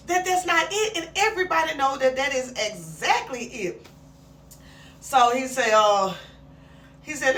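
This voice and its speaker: A woman giving a casual, animated recap of a skit series. She talks straight to the characters and drops her voice lower to quote the men. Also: measured pace, recorded from a distance, a little hiss or hum. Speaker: commentary vlogger. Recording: roomy echo, speaking from away from the mic.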